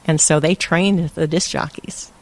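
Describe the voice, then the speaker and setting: An older woman from Hawaii telling lively stories in a casual interview and laughing often. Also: sits low, unhurried. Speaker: interview guest. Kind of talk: casual storytelling.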